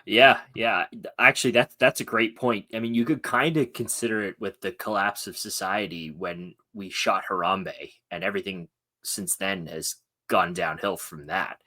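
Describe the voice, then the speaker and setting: A man's voice: low-pitched, steady tone, normal speed, bright, forceful tone. A man co-hosting a sports podcast, rambling and hesitant, with many restarts. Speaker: podcast co-host. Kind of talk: casual sports podcast chat.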